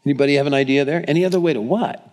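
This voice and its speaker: A man's voice: on the high side, rapid-fire, darkish tone, a little hiss or hum. A middle-aged man preaching a sermon in an earnest, conversational way, asking the congregation questions. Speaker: pastor.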